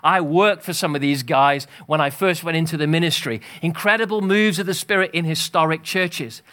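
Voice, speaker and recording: A man preaching a sermon as pastor, energetic and exhorting, calling out to the congregation. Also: on the high side, moderate pace. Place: church hall.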